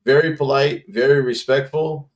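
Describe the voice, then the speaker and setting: A man's voice: mid-range voice, fairly even intonation, normal speed. A man hosting a livestream, chatting casually and rambling through stories. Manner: rambling, storytelling with restarts. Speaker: livestream host. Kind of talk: casual chat.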